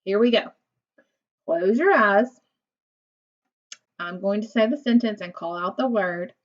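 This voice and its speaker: A patient woman teacher walks young children through sounds and syllables. She speaks slowly, stretching out words, with encouraging praise in a mid-range voice. The recording is muffled and lo-fi. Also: medium pitch. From United States. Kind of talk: recorded phonics lesson for second graders. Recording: dull lo-fi recording.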